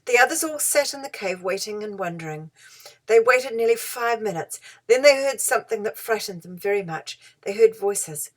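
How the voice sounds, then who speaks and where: A woman reading a children's story aloud as narrator, gentle and expressive. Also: mid-range voice, normal speed. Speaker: audiobook reader.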